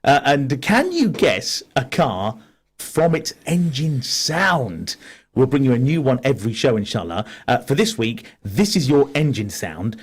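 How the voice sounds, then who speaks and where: A man co-hosts a casual radio show from a studio mic. His voice is a little husky, and his pitch rises and falls widely. He stays upbeat and laughs often between listener messages. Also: big pitch swings, a little slow.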